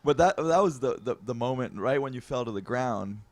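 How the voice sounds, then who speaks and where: A man's voice: medium pitch, animated, fairly quick, no room sound. A man who is a guest on a podcast, filling in and confirming details of a shared story in a casual chat. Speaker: podcast guest, old friend of the host.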